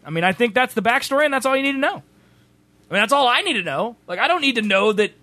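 Man, high voice, excitable stream co-host, laughs easily. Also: fast talker, dry recording. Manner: excitable, laughs a lot, acts out silly dialogue. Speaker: show co-host. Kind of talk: casual chat while gaming on stream.

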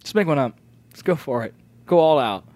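A man's voice: a little high, lively intonation, brisk, a little mellow, no echo. A man hosting a podcast in casual banter, teasing his guest and laughing often. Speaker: podcast host.

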